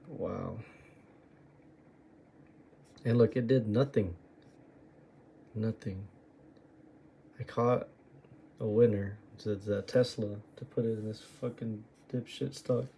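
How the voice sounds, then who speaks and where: A man's voice: fairly low pitch, fairly even intonation, slow, gravelly, long pauses, warm tone, breathy edge. A man going over his own trades and muttering to himself, exasperated and swearing at his own choices. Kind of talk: muttering self-critical screen review.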